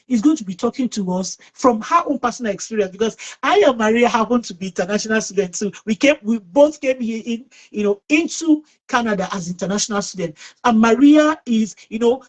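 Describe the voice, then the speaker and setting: A middle-aged woman hosts an online talk, speaking in a slightly high, lively voice. She tells a personal story in an outgoing way and often restarts her sentences. She is heard over a video call. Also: rough recording. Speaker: host.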